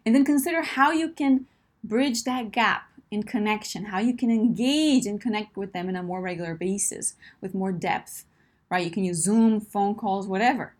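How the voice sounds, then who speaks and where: A woman's voice: medium pitch, moderate pace. A woman coaching listeners in a direct advice talk, emphatic and encouraging, often checking in with "right?" and "my friend".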